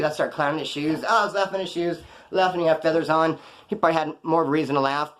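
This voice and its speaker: A man's voice: fairly high pitch, rapid-fire. A man telling rambling prison and street stories in casual, profane slang. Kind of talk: casual storytelling to camera.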